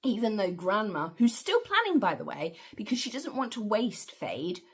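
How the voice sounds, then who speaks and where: A woman's voice: medium pitch, sing-song, moderate pace, husky. A woman giving a chatty, opinionated film review with slangy asides. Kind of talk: casual film review monologue.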